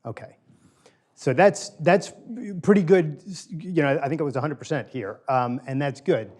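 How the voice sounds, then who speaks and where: A man's voice: a little high, moderate pace, a little mellow. A middle-aged man giving a conversational lecture to a small group, polling the audience and repeating key phrases for emphasis. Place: small room with a live audience.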